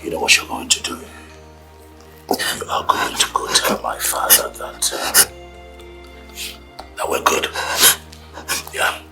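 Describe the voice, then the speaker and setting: An actor playing a menacing, violent husband who taunts and threatens his wife, swinging from low mutters to shouts. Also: wildly swooping pitch, normal speed, long pauses, faint music behind, exaggerated voice, rough recording. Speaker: abusive husband. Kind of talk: Nollywood film acting.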